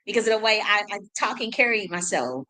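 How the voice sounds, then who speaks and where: A woman's voice: medium pitch, expressive, brisk, bright, forceful tone, rough recording. A woman talks straight to her audience in an unscripted, wandering monologue. She doubles back on her words, repeats herself and breaks into short laughs as she goes. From United States. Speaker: spiritual reader and channel host.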